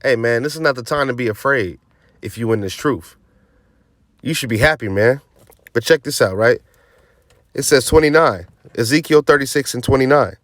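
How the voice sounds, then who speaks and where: A man's voice: medium pitch, normal speed, pauses often, fairly bright tone, dry recording. Emphatic streetwise man preaching scripture. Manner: mocking, sarcastic asides. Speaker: teaching officer of a religious group.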